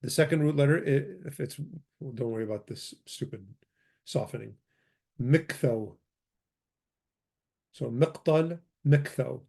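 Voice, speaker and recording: A man's voice: medium pitch, a little slow, creaky, pauses often, darkish tone, slightly rough. A man giving an informal grammar lesson, reading from a textbook, thinking aloud and correcting himself as he goes. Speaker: language teacher.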